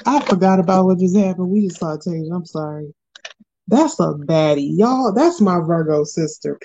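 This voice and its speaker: Animated slangy woman, slightly dull audio. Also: medium pitch, a little slow, breathy edge. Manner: animated, slangy, laughs often. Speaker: reality TV recap host. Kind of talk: casual chat.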